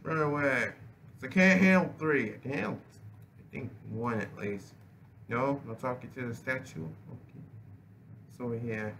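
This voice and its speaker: Over game music, a young man rambles through casual, foul-mouthed gameplay commentary, often starting sentences over. He speaks at normal speed in an expressive, mid-range voice.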